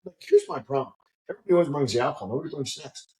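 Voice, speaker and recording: A head distiller appearing as a guest tells funny stories in casual chat, swearing freely and acting out the voices of the people involved. He races along at a fairly high pitch with huge pitch swings, yet his voice stays mellow.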